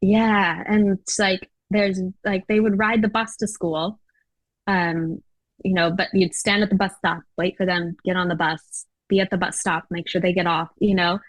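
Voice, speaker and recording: A woman's voice: medium pitch, level tone, normal speed, no echo, low-quality recording. A chatty American woman talking as a podcast guest, her voice sitting in an ordinary middle range. She fills her speech with "like" and "you know," and the sound is close and dry with no room around it. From United States. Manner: chatty, many fillers and laughs. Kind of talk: casual interview chat.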